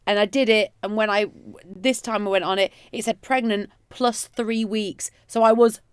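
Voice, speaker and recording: A woman's voice: mid-range voice, moderate pace, smooth, no echo, studio quality. A British woman radio host telling a story in casual chat, acting out what she said at the time. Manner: animated storytelling with acted-out quotes.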